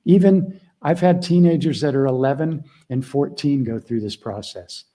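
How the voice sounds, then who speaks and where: A middle-aged man mentoring a group on a video call, talking earnestly and casually, shifting between quiet asides and emphatic points. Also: mid-range voice, normal speed. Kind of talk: casual teaching talk.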